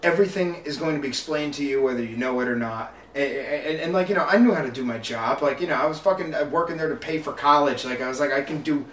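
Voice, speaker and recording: A man rambling through stories in casual chat, halting with fillers and bursting into laughter. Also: on the high side, fairly bright tone, a little hiss or hum. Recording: echoey room, mic at a distance.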